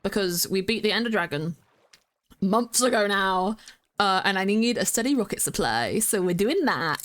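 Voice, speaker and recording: Chatty young woman streamer, excitable. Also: medium pitch, normal speed. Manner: chatty, rambling, with many fillers and restarts; excitable, squeals greetings to viewers. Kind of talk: casual chat with stream viewers.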